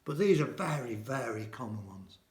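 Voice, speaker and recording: A man teaching a casual language lesson, repeating each phrase slowly and translating it. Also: medium pitch, animated, a little mellow, roomy sound. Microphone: camera mic.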